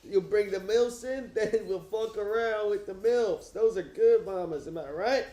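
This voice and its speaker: A young man streaming from his couch, joking loudly and swearing as he chats with viewers and reads aloud. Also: high voice, a little slow, echoey room. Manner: loud, profane, joking. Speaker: streamer reading to chat. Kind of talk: casual livestream chat and reading aloud. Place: home, on a couch. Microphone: wearing headphones.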